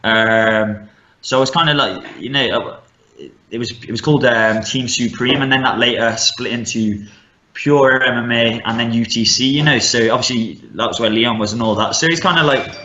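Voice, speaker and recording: A man's voice: mid-range voice, normal speed, sharp tone. A young man with a Midlands English accent, a fighter talking casually in a podcast interview, laid-back and full of fillers. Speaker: MMA fighter, guest. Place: rural home in northern Scotland. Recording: echoey room, dull lo-fi sound.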